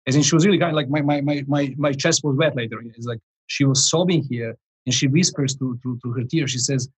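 A man in his forties, a life coach, telling a story in a podcast interview, animated and rambling, with frequent restarts and chuckles. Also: mid-range voice, brisk, husky, poor audio.

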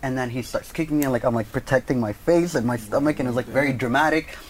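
A man's voice: medium pitch, fast. A man cohosting a podcast, telling a story in casual chat, acting out quotes and swearing freely.

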